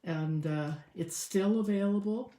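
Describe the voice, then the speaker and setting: A woman's voice: mid-range voice, measured pace, mellow, echoey room. A woman showing a craft step by step in a casual tutorial, chatting and thinking aloud as she works. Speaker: crafting demonstrator.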